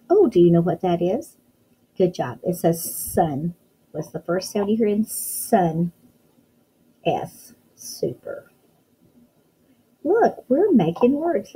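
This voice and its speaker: A woman teaching a phonics lesson to young children, talking in a slow, sing-song, encouraging way and praising often. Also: fairly low pitch, mellow, slight background noise, low-quality recording. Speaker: kindergarten teacher.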